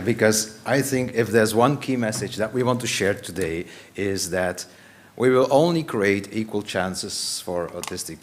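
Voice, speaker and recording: A man presents at a conference into a stage microphone. His voice sits on the low side, and he delivers his points with dry humor and firm emphasis. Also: slight background noise. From Belgium. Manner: wry, joking, emphatic. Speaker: conference speaker.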